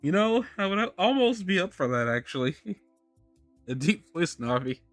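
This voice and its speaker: A man's voice: high-pitched, big pitch swings, measured pace, no room sound, faint music behind. A man hosting a live podcast, chatting casually and rambling, restarting his sentences and laughing often. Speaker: podcast host. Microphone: studio microphone on a live stream.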